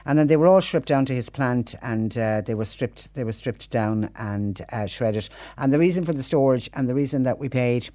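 A woman's voice: extremely low pitch, moderate pace, few pauses, dark tone, no room sound. A woman with a Cork accent hosting a radio phone-in, chatty and emphatic. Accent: Irish, Cork. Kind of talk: talk radio chat.

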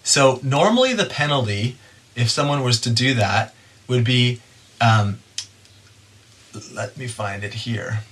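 A man's voice: mid-range voice, animated, takes it slowly, long pauses, fairly bright tone. A man preaching a sermon in a conversational way, retelling a Bible story and acting out the people in it. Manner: conversational, acts out voices of story figures. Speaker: pastor.

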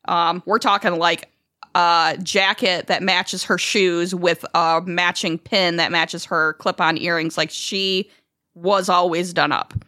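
A woman co-hosting a podcast, telling childhood family stories in a lively, casual way, swearing freely and acting out what others said. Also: on the low side, slow pace, dry recording, clean studio sound. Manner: animated, swears freely, acts out quotes. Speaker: podcast co-host. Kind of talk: casual storytelling chat.

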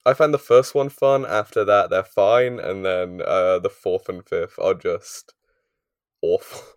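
A man's voice: deep voice, steady tone, unhurried, no echo, studio quality. A man hosting a casual podcast, teasing his co-host in a playful, upbeat way. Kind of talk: casual chat.

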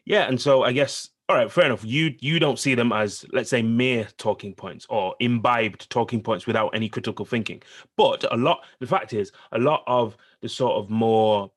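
Husky man arguing politics. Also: medium pitch, moderate pace. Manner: insistent, repeats himself to hold the floor. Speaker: podcast co-host. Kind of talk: casual political debate.

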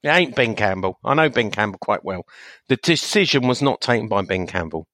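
A man co-hosting a casual podcast, explaining his view in a measured way with frequent restarts. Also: lowish voice, animated, a bit bright, no echo. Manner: measured, hesitant, many restarts and fillers. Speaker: podcast co-host. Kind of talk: casual chat.

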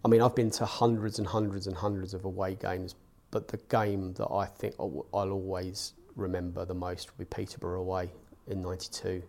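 A man with a very deep, gravelly voice looks back on a big match. He speaks in a flat, even tone, steady and measured, pausing between thoughts. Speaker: football fan interviewee. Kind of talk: reflective recollection.

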